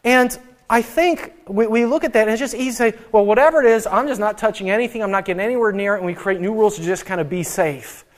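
A man's voice: sits high, quick pace. A young adult man preaching a sermon, telling a Bible story with playful voices and asides. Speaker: pastor.

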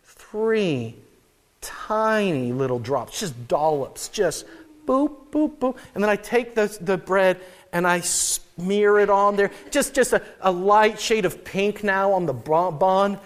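A man's voice: high voice, slow pace. A man pastor preaching a conversational sermon in a church in New England, telling stories with frequent restarts. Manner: casual and storytelling, with frequent restarts.

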